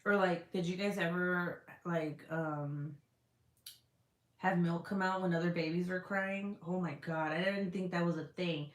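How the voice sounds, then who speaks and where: A woman chatting casually with her livestream audience keeps her voice on the low side, a little slow and fairly even in intonation. She's candid and chatty, cursing freely, against a roomy, echoing backdrop.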